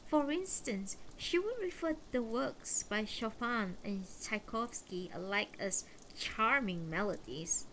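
A woman reading a novel aloud in a calm, measured way. Her voice sits a little high and moves widely in pitch. The delivery stays even and unhurried. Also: a little hiss or hum, low-quality recording. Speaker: audiobook reader on a livestream.

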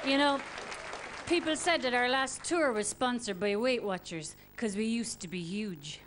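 A woman doing an impression of a well-known Irish female rock singer, hosting a comedy show with deadpan one-liners in an Irish accent. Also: fairly high pitch, a little slow, crowd noise, noisy background, natural voice. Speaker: host. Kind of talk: stand-up impression. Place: comedy club stage with audience.

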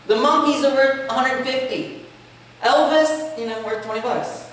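Man, pastor, sermon, animated and humorous, reverberant church, distant from microphone. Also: very high-pitched, normal speed. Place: church sanctuary. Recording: echoey church, speaker far from mic.

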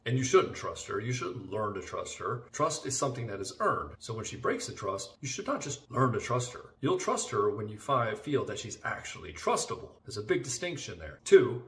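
A man's voice: mid-range voice, very animated, fairly quick, few pauses, fairly bright tone. A male relationship coach giving blunt, emphatic advice straight to camera. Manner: blunt, emphatic, with mocking asides. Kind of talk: direct-to-camera advice monologue. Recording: roomy, from a distance.

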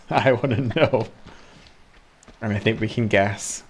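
A man streaming a video game live, reacting loudly, laughing and teasing his chat as he plays. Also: on the low side, slow pace. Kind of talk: live gameplay commentary, reading chat. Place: indoor room.

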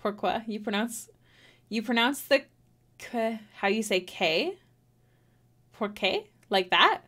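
A woman's voice: fairly high pitch, unhurried, sharp tone. Young Canadian woman chatting while drawing. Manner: rambling, self-talking, giggly. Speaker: streamer. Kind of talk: casual chat while drawing.

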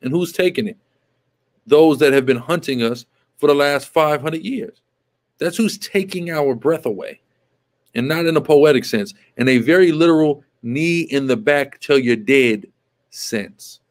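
A man's voice: fairly high pitch, unhurried. Emphatic man with a raised voice. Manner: emphatic and repetitive, often asks "right?". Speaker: show host. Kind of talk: live commentary on a video.

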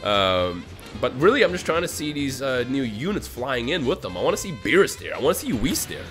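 A man commentating his own mobile game pulls for a video, swinging between low grumbling and shouted, exasperated outbursts. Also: sing-song, fairly quick, faint music behind. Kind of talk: gaming vlog commentary.

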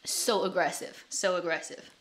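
A woman's voice: on the low side, fairly even intonation, normal speed. A woman, chatting casually on her live stream, laughing often and repeating words as she thinks. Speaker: streamer and show host.

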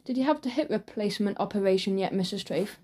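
A woman's voice: medium pitch, fast, mellow, slightly rough, close to an everyday voice. A woman voicing an earnest, shy young schoolboy in a children's audiobook.

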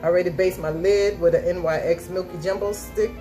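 A woman's voice: lowish voice, steady tone, fairly quick, poor audio. Chatty woman doing a makeup tutorial. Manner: exuberant, repeats catchphrases. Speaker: beauty vlogger. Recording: music playing behind her.

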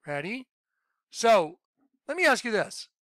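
A man giving an informal Bible teaching, emphatic, quizzing the listener with yes-or-no questions and swinging between loud outbursts and muttered asides. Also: sits high, very animated, a little slow, no room sound. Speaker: self-styled Bible teacher.

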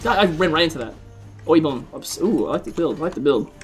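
Excitable, swearing gaming commentator, man. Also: on the high side, fast, soft background music. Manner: excitable, swears a lot, chats to viewers. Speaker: gaming video host. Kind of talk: live gameplay commentary.

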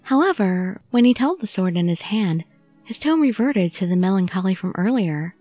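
A woman's voice: mid-range voice, normal speed, dry recording, faint music behind. Woman reading a visual novel aloud. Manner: steady, storytelling read. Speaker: audiobook narrator. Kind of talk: first-person visual novel narration.

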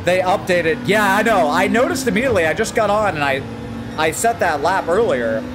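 A hyped-up American man hosts a casual gaming stream, with a voice that bounces animatedly up and down. He sits a touch above most men in pitch and calls out to chat by name. Game music plays steadily behind him. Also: lively intonation, a little fast. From United States. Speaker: gaming livestreamer. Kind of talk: casual live-stream chat while racing.

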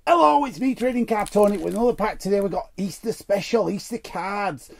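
Host, gravelly voice, chatty and joking while opening packs. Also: male voice, high voice, brisk, soft background music. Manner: jokey asides, reads cards aloud. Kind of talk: casual pack-opening commentary.

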